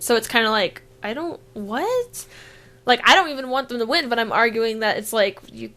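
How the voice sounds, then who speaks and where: A woman's voice: fairly high pitch, lively intonation, moderate pace, bright, forceful tone. A woman co-hosting a casual gaming podcast remotely, giggly and playful. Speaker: podcast co-host. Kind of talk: casual chat. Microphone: remote call, own mic.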